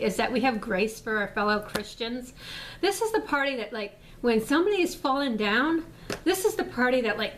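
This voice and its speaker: A woman's voice: a little high, a little hiss or hum. A woman vlogger ranting casually to her viewers, rambling and exasperated, with frequent swearing and fillers. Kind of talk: casual rant to camera.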